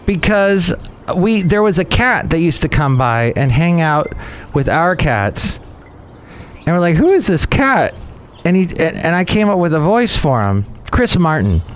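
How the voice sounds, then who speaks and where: Expressive and unhurried, this high-voiced podcast host meanders through relaxed conversation, catching and fixing his own words as he goes. A slight hiss or hum sits under the recording.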